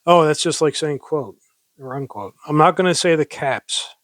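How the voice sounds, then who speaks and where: A man's voice: fairly high pitch, lively intonation, moderate pace, a bit bright, dry recording. A man casually reading public domain poems aloud, breaking off into rambling, self-mocking asides and stifled giggles. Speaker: amateur poetry reader.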